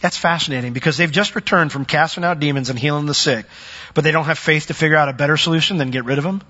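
A man preaching a sermon in a bright, husky voice that rises high when he acts out the people in his story. He preaches in an animated way. The recording sounds dull and lo-fi. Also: fast, long reverb tail.

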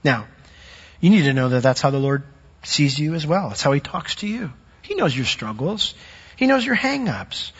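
A male pastor preaching a sermon in an animated way, often acting out the voices of the people he quotes. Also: fairly high pitch, normal speed, slightly rough. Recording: echoey hall, dull lo-fi sound.

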